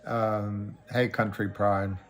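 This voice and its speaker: A man hosting a casual livestream, answering viewer comments in a slow, halting way with many ums and restarts. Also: lowish voice, level tone. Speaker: livestream host.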